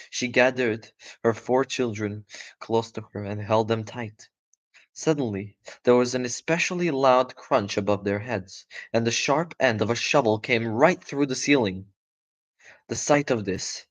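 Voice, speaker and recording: A man reading a children's book aloud live, in a voice of ordinary pitch. He breaks off now and then for casual, chatty asides and corrects his own slips as he goes. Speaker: storyteller.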